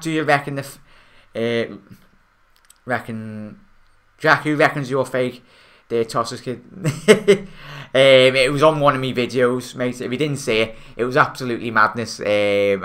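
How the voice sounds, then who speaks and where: A man's voice: medium pitch, normal speed, a bit bright. A young man with a Scouse accent hosting a casual football fan stream, rambling and chatty with lots of fillers, reading out viewer comments. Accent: Liverpool Scouse. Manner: chatty, rambling, many fillers and restarts, calls viewers mate. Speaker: football fan channel host.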